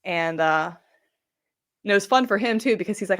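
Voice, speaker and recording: A woman's voice: mid-range voice, lively intonation, normal speed. A woman author talking over a video call in a casual, enthusiastic way, often restarting her sentences. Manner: chatty and enthusiastic, with frequent restarts and filler. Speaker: traditionally published novelist, guest. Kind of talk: casual live-stream chat.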